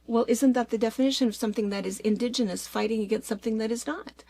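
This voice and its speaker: A middle-aged woman from Washington State co-hosting a chat show, ranting in a chatty, animated way. Her voice is gravelly and husky, a little high for a woman, and it sits dry and close with no room sound. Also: fast, no room sound. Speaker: co-host. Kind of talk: casual chat.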